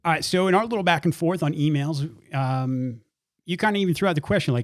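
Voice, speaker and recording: A man's voice: on the high side, fast talker, dry recording, studio quality. A man hosting a podcast, giving an earnest introduction and then interviewing his guest, often repeating words as he gathers his thoughts. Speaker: podcast host.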